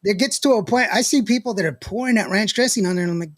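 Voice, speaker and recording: A man's voice: high voice, quick pace, no room sound, clean studio sound. A man hosting a podcast in casual chat, rambling and laughing often as he reads out live comments. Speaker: podcast host.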